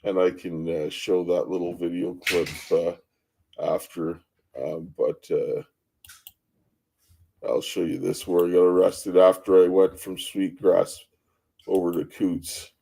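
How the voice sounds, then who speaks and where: A man speaking as an interview guest, halting and full of fillers. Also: low-pitched, level tone, creaky, warm tone. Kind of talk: remote interview.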